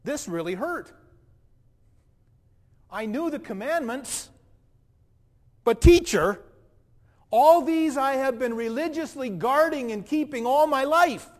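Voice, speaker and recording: A man acting out a proud, indignant wealthy young man in a dramatic first-person monologue, with animated, defensive delivery and a long hall reverb. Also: extremely high pitch, slow, long pauses, voice pushed up, heavily acted. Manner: animated, defensive, self-righteous.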